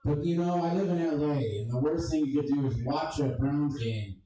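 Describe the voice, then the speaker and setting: A man's voice: on the high side, normal speed, mellow. A man doing a stand-up comedy set with crude, abrasive and self-deprecating jokes. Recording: echoey room, distant mic, crowd audible.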